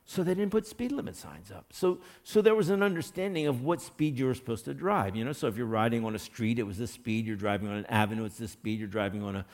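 A male pastor giving a conversational sermon, full of folksy everyday illustrations and joking asides, sometimes getting loud as he acts out scenes. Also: lowish voice. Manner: loud bursts when acting out scenes.

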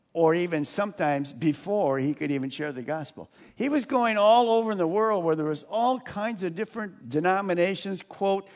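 A man preaching a sermon in an animated way, chuckling often and acting out the quotes he reads. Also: sits high. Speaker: pastor.

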